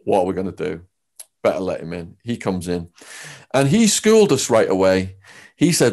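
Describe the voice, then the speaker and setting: Animated English man telling a story. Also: moderate pace. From England. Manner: animated, with big swings in pitch and loudness. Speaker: guest. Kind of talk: storytelling in a sit-down interview.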